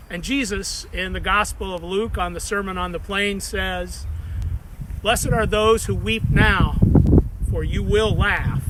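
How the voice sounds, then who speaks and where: A man's voice: high-pitched, a bit bright, slight background noise, rough recording. A man, a pastor, telling folksy jokes and preaching a worship message outside in a meadow by the water.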